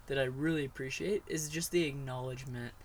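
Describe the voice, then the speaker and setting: Gravelly-voiced man musing aloud. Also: medium pitch, fairly even intonation, fairly quick, a little hiss or hum. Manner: thoughtful, searching for words, repeats himself. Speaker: interviewer. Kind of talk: casual conversation.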